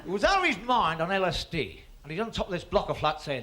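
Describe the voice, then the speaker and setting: A man telling a quick stand-up joke. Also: high voice, huge pitch swings, bright, forceful tone, some chatter behind. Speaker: stand-up comedian. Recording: hissy old TV recording with audience laughter.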